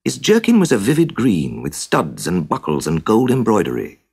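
A man tells a classic children's story in a low, gravelly voice with a husky grain. He narrates with dramatic, deliberate pacing and swings widely in pitch. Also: wildly swooping pitch, a little mellow.

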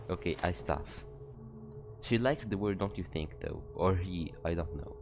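A man's voice: low voice, measured pace, over music. A man giving casual, joking commentary while playing a game, with frequent swearing. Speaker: let's play commentator.

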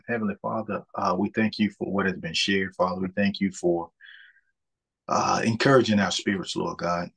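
A man leading a spoken prayer and chatting on a group call, fervent and repetitive, with filler pauses. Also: low-pitched, fairly even intonation, vocal fry, fairly bright tone, slightly rough. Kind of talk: spoken prayer and casual chat. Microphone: group call audio.

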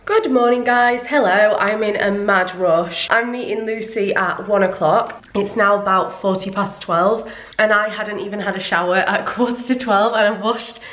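A young woman vlogging casually, chatting on in a rambling, giggly way. Her voice sits at an ordinary middle pitch. The sound has the ring of a small echoey room. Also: moderate pace, a bit bright, slight background noise. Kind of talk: casual vlog chat to camera.

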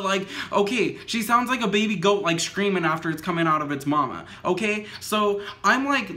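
A man's voice: high-pitched, moderate pace, hardly any pauses, pushed and bright. Rambling young man saying "like" nonstop. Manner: rambling, says "like" constantly, swears casually. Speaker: vlogger. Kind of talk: casual storytime vlog. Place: indoors at home, dim lighting.

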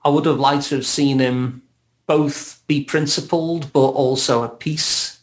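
This Scouse man from Liverpool, England, speaks a little slowly in a steady, mid-range voice. He's a therapist appearing as a podcast guest, reflective in casual conversation and laughing lightly as he talks.

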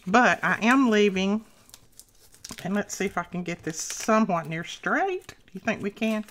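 Working through a casual craft tutorial, this female host talks chattily to her viewers and is slightly out of breath. Her medium-pitched voice is expressive and a bit bright, at normal speed, with a little hiss or hum in the audio.

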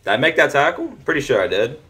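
A teenage boy gives casual commentary on a football video game from his room at home. He mutters and chats to himself, then gets loud and excited when a play goes his way. His pitch sits in the middle for a young man. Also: quick pace. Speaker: gaming commentator.

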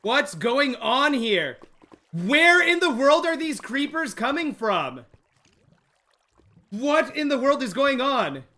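A young man streaming a game live, jumpy and excitable, talking straight to his chat. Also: very high-pitched, slow. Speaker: gaming livestreamer. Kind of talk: live let's-play commentary.

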